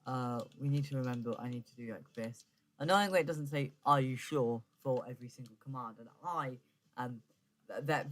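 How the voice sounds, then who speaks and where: A gaming streamer with a mid-range, slightly bright voice gives casual gameplay commentary. He rambles, often corrects himself, and stumbles and stammers over words when flustered.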